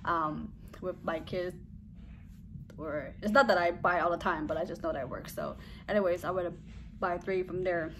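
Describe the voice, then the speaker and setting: A woman's voice: on the low side, steady tone, normal speed, a bit bright, slight background noise. Rambling, giggly young woman vlogger. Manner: rambling, giggly, trails off with blah blah blah. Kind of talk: casual storytime chat.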